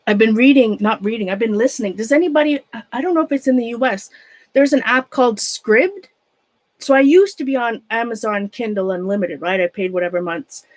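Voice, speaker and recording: Woman, fairly high voice, casual live-stream chat, rambling, breaks off and restarts, self-mocking. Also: a little fast. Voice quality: rambling, trails off and restarts mid-sentence. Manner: chatty and self-mocking, laughs often. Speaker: craft room vlogger.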